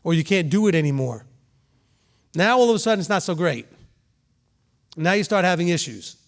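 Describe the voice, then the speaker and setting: High-voiced man preaching conversationally. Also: animated. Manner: conversational preaching, asks the room questions, voices quick examples. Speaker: rabbi teaching a congregation. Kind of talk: sermon.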